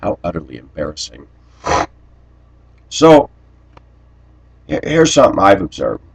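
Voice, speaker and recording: A man delivering a rambling personal monologue to camera, blunt and aggrieved, often clearing his throat. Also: low voice, huge pitch swings, measured pace, darkish tone, rough recording. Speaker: vlogger.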